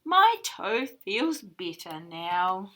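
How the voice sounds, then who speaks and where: A woman's voice: mid-range voice, sing-song, drawn-out words, voice pushed down, heavily acted. A woman voicing a big angry male giant in a storybook reading, roaring his lines. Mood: gentle. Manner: roaring, shouting.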